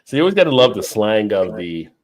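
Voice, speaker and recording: A man's voice: lowish voice, big pitch swings, fast, slight background noise. An American man hosting a casual live stream chat, laughing along easily. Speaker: host of a beer live stream.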